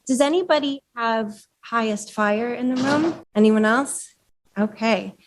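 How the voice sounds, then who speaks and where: A woman with a slightly high voice speaks at a measured pace, giving a conversational workshop talk as an author. She explains ideas and asks questions of a live audience of women leaders in the room.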